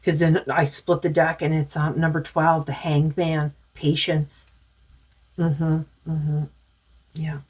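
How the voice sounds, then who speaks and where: A woman with a husky, somewhat low voice talks through a spiritual card reading. She muses and rambles with lots of fillers, and her voice is starting to go. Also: level tone, slow, a little mellow. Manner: rambling, musing, many fillers. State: losing her voice. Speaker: tarot card reader.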